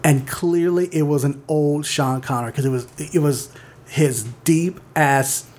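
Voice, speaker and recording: A man's voice: on the high side, fairly even intonation, unhurried, darkish tone, a little hiss or hum. Rambling man chatting about movies. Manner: rambling, heavy use of "like", self-correcting. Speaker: podcast co-host. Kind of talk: casual movie chat.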